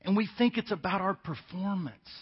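A man in his fifties delivers a sermon in a husky voice that sits high for a man. He tells stories like a conversation and drives his points home by repeating them. The sound is dull and muffled, with a long echo from a large hall. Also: normal speed. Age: 50s. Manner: conversational storytelling with emphatic repetition. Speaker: pastor.

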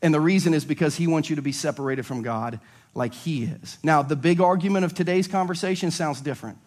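A male pastor preaching a sermon, animated and acting out little dialogues as he goes. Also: a little high.

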